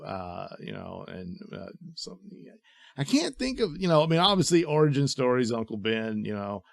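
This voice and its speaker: A man hosts a relaxed comic book recap, his talk loose and rambling, full of fillers and exclamations, with chuckles along the way. His voice sits at an ordinary middle pitch. The sound is dry and close, with no room echo. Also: creaky. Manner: chuckles while talking.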